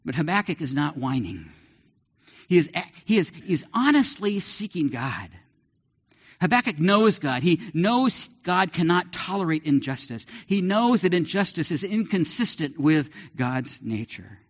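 A male pastor preaching a sermon in an animated way, with big swings in pitch and the odd light laugh. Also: unhurried. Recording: dull lo-fi sermon recording.

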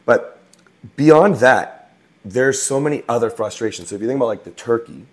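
A man co-hosting a marriage talk, giving advice to men in a relaxed way and checking in with tag questions. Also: mid-range voice, normal speed. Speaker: marriage coach co-host.

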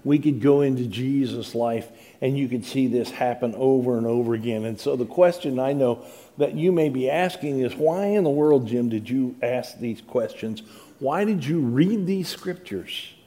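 A man's voice: mid-range voice, moderate pace, warm tone. A middle-aged male pastor reading scripture dramatically and preaching with rising emphasis. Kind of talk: sermon.

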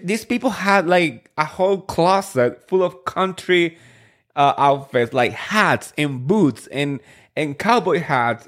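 A man in his thirties with a somewhat high-pitched voice hosts a reality-TV recap podcast. He talks in a loose, gossipy way, packing his speech with "like" and incredulous rhetorical questions. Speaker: podcast host. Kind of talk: casual reality-TV recap chat.

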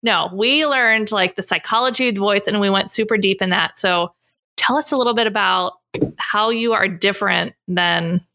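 Woman host, bright tense tone, effusive casual interviewer. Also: mid-range voice, moderate pace. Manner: gushing, chatty with many fillers. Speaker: podcast host.

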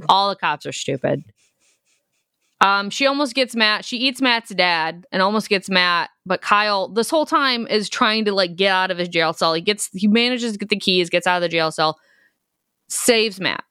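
Medium in pitch and moderately paced, this woman sounds clear and resonant in a studio-quality recording free of room sound. As a podcast co-host, she chats casually through a movie recap, voicing the characters' lines with lots of energy and plenty of swearing.

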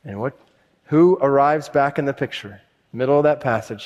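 A male pastor preaches conversationally, reading a conversion story aloud with shifting intensity. His mid-range voice has a darkish tone and moves at a normal speed.

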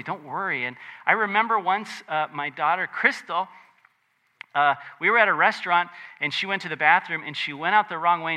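A man preaching a conversational sermon, animated and chatty, with joking asides. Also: fairly high pitch. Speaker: pastor.

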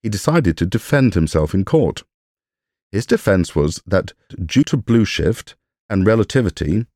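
A man's voice: sits low, dark tone, no room sound. A man hosting a podcast, reading a scripted science explainer with dry humor and jokey asides. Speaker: podcast host.

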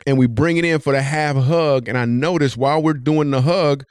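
A man hosting a podcast, telling a comic story with animated delivery. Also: normal speed, clear, resonant tone, no room sound, clean studio sound. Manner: animated, jumps high when telling the punchline. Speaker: comedian and podcast host.

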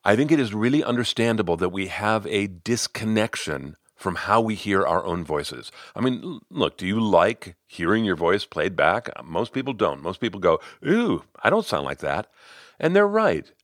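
A man's voice: on the low side, sing-song, normal speed, few pauses, no echo, clean studio sound. A man, a voice coach and podcast host, narrating and talking to listeners in a conversational, playfully demonstrative way.

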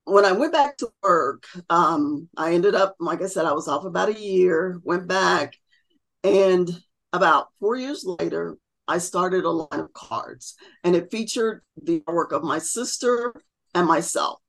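A woman's voice: lowish voice, unhurried, gravelly, a bit bright. Chatty middle-aged woman telling stories. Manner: chatty, acts out quoted voices. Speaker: podcast guest. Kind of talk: casual interview storytelling.

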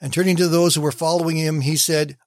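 A man hosting a short morning devotional, telling stories and reading scripture aloud with gentle emphasis. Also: a little high, fairly even intonation, fast, no echo, studio quality. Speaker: devotional radio host.

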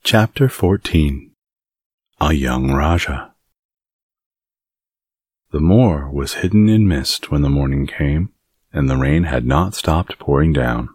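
A man reading a novel aloud as an audiobook narrator, in a calm, measured way. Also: rumbling low, husky, no echo, clean studio sound. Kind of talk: scripted narration.

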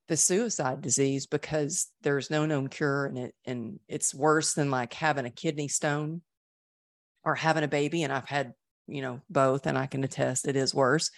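Woman, middle-aged, low voice, earnest, emotional, interview guest, dry close sound. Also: dry recording. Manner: earnest, emotional, many restarts. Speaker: guest sharing her recovery story. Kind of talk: candid interview conversation.

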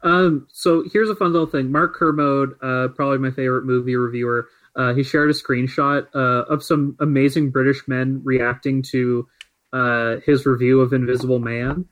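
A man's voice: medium pitch, steady tone, moderate pace, fairly bright tone, poor audio. A man co-hosting a casual podcast chat, rambling with many filler words. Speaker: podcast co-host.

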